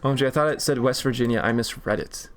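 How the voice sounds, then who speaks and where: A man's voice: mid-range voice, fast talker. A man streaming a map game, talking casually to himself, often frustrated and swearing. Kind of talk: casual gaming stream commentary.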